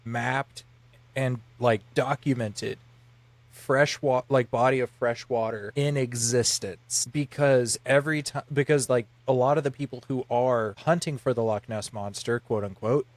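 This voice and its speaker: A man's voice: medium pitch, steady tone, measured pace, no echo. A man co-hosting a podcast in casual chat, rambling through explanations with lots of filler words. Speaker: podcast co-host.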